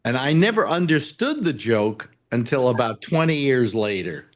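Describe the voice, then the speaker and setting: A man's voice: mid-range voice, sing-song, moderate pace. A man hosting a talk show, telling jokes and rambling stories in casual chat. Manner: rambling storyteller, breaks into sung and acted voices. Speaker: radio talk show host.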